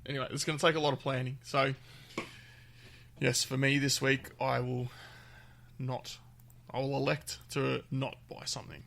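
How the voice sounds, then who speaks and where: A man talks loosely on a gaming podcast, his voice carrying a rough, gravelly fry. He chats in an easygoing manner, laughs easily, and lets his sentences trail off. His pitch sits in a normal middle range. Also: little pitch movement, normal speed, long pauses, fairly bright tone. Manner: easygoing, chuckles often, trails off mid-thought. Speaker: podcast co-host. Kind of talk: casual chat.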